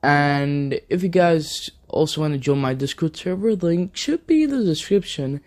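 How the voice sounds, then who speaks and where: A man's voice: fairly high pitch, expressive, moderate pace, darkish tone. A man narrating an improvised fan story in a rambling way, linking events one after another. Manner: rambling, strings events together with "then". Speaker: video narrator.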